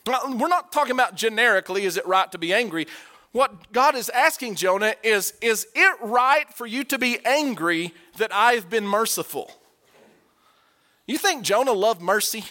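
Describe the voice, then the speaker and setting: A man preaching a sermon, animated and emphatic, rising to forceful peaks as he drives his points home. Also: sits high.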